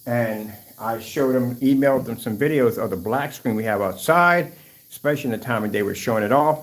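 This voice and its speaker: A man talking casually to his viewers from his home, rambling and animated. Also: medium pitch, fairly quick. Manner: talkative, talks softly to a rescued bird. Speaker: vlogger. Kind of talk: casual vlog talk to camera. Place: at home, indoors.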